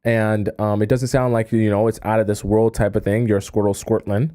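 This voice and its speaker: A man's voice: fairly low pitch, little pitch movement, moderate pace, dark tone. A man hosting a live stream as a dating coach, giving casual advice in a chatty way, often checking in with "okay?" and using coy euphemisms.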